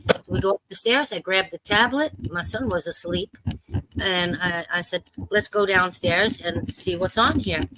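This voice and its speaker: A woman on a live panel discussion telling an urgent personal story in a halting way, with restarts and swearing. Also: medium pitch, bright, forceful tone, no room sound, poor audio. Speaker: panel caller.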